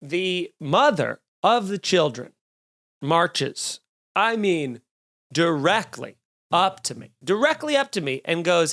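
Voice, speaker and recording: A man hosts his solo comedy podcast, telling a rambling story. His voice sits a little high for a man, and he swears freely and mocks himself as he goes. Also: a little slow. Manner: profane, animated, self-deprecating storytelling.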